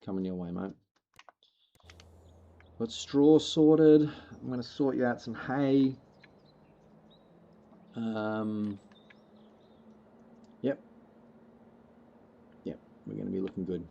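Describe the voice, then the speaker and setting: A man's voice: medium pitch, slow pace, gravelly, long pauses, mellow, a little hiss or hum. A man livestreaming a farming game, chatting casually with viewers in a laid-back, rambling, joking way. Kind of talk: casual gameplay chat with viewers. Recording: slightly muffled lo-fi mic.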